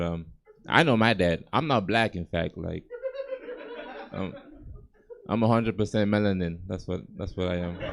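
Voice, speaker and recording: On a comedy club stage, a young Gambian man performs a laid-back, conversational stand-up set into a handheld mic, chuckling at his own jokes. His voice is low, with vocal fry.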